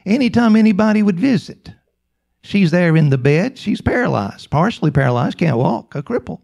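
A male preacher telling a story in a sermon, his slightly high voice edged with gravel. He speaks slowly and emphatically, with short, repetitive phrases. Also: animated, a little mellow.

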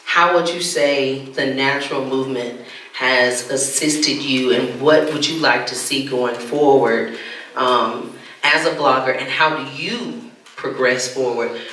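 A man's voice: mid-range voice, pushed and bright, a little hiss or hum. A man moderating a panel, asking long, joking questions. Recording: very echoey hall, mic far off.

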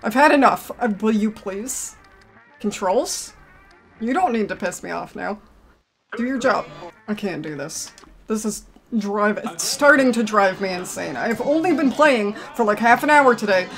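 A woman's voice: mid-range voice, expressive, a little slow, faint music behind. A woman commentating a video game, grumbling with exasperation and breaking into sudden outbursts. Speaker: gaming commentator. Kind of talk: frustrated let's-play commentary.

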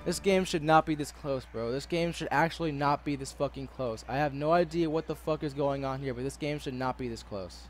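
A young man giving raging, expletive-filled commentary over his own basketball game, yelling and cursing at the players. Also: fairly high pitch, a little fast, hardly any pauses. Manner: swears constantly, yells and curses at the game. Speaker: gaming channel host. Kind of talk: raging live gameplay commentary. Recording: game music behind the voice.

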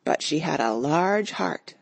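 A woman voicing a calm, solemn spirit of the past in a storybook reading. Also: deep voice, a little slow, vocal fry, dry recording, full character voice.

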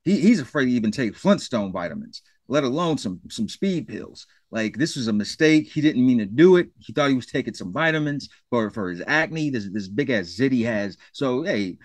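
A man's voice: medium pitch, lively intonation, moderate pace, few pauses. A man with a mid-range voice recaps a sitcom plot in an easygoing way. He acts out the characters' lines and lets his feelings about the story show. The sound is dry, with no room echo. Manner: laid-back, quotes characters, easily moved. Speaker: podcast co-host. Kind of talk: casual chat recapping a TV episode.

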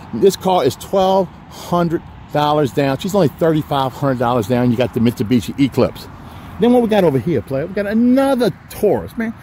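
A man's voice: fairly high pitch, a little mellow, slight background noise. Folksy joking used-car salesman. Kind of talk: walkaround sales pitch. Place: outdoors on a rainy car lot.

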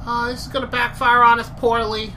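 High-pitched teasing woman, noisy recording. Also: flat delivery, brisk, sharp tone. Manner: teasing, dry jokes. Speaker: co-host watching the player. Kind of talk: let's play commentary.

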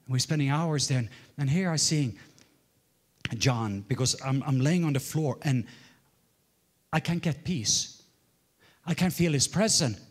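A man in his forties from Norway, preaching a sermon as a story, swinging from loud exclaims to hushed murmurs. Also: fairly high pitch, unhurried, pauses often. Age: 40s. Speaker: guest preacher.

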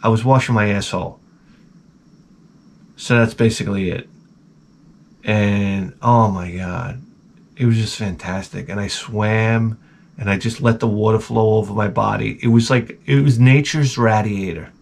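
A man hosting a comedy podcast, telling crude stories in a rambling, profane, deadpan way. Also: lowish voice, measured pace, vocal fry, long pauses. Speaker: podcast host.

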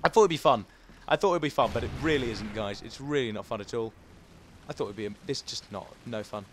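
A man's voice: medium pitch, expressive, fast, slight background noise. A man giving live gameplay commentary as a gaming video host, swinging between frustrated outbursts and muttered asides.

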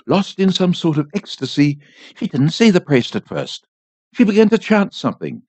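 A man reading a short story aloud in a measured, expressive way for a volunteer radio station. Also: sits high, no echo. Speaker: volunteer reader. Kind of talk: audiobook narration. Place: home studio. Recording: dry, slightly dull home studio.

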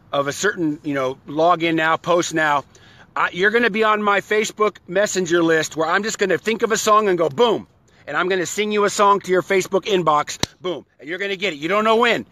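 This live-stream host has a sharp-toned male voice that sits high, recorded without echo. Playful and exuberant, he rambles to his followers, keeps restarting, calls out viewers by name, and slips into silly sung bits.

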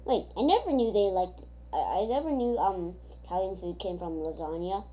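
Mellow-voiced woman rambling over gameplay. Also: fairly low pitch, lively intonation, normal speed. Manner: rambling, thinking aloud with many hesitations. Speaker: gamer. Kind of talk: casual gameplay commentary.

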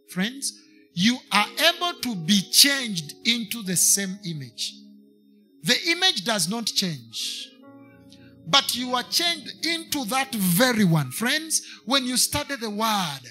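Kenyan man, sermon, high voice, bright tone, emphatic repetition, faint music behind. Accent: Kenyan English. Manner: preaching to a congregation, switching into Swahili, emphatic repetition. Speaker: preacher.

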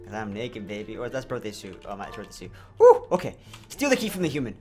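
A young man giving comedic, joking commentary over a video game, often breaking into loud sworn outbursts. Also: on the low side, very animated, quick pace, soft background music. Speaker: gaming YouTuber.

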